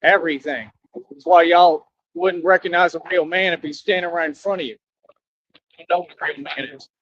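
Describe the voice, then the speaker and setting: Brisk and fairly bright, a young man's high-leaning, steady voice carries an American country accent as he delivers a brash, preachy rant to viewers on his live stream. The audio is dull and lo-fi, with a faint layer of noise.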